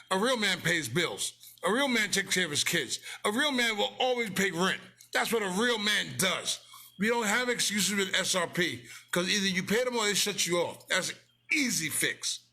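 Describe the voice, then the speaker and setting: A bright, forceful high voice belongs to a business owner pitching his company in a blunt, casual motivational rant. He speaks close to the mic, preachy in tone, repeating his lines for emphasis.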